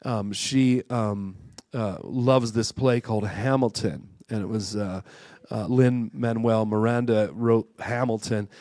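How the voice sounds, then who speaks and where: A man's voice: on the low side, steady tone, slow, no room sound. Fervent man preaching at a conference. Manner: stumbling restarts, building to fervent shouts. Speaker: guest preacher. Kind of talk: sermon. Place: church conference hall.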